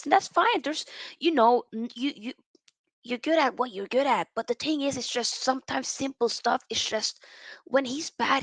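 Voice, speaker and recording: A woman hosts a casual livestream and gives her opinions bluntly, in slang. Her voice sits a little high and carries a gravelly fry. The sound is dry, with no room echo. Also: bright, forceful tone. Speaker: host reading viewer comments.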